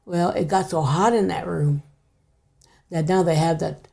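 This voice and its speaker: Older woman guest for a podcast chat: low, dark, gravelly voice, soft and hushed delivery. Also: fairly even intonation, measured pace. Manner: hushed, drops to near whisper at times. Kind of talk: casual storytelling.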